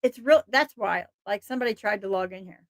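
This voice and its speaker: A woman hosting a casual live stream, talking in an excitable, rambling way and laughing often. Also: mid-range voice, brisk, no room sound, studio quality. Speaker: livestream host.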